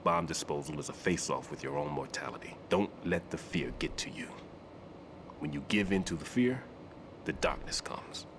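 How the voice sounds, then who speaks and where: An actor playing a veteran male soldier who advises a rookie in measured, low tones. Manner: low measured military advice. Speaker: game character on codec. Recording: game audio with background noise.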